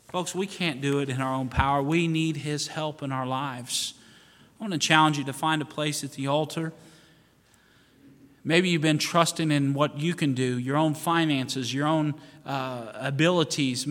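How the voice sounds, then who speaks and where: Earnest preaching pastor in reverberant church. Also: male voice, on the high side, steady tone, moderate pace. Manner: earnest, repetitive pleading cadence. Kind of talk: sermon and altar call. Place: church sanctuary. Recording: reverberant church hall with soft music. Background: soft piano.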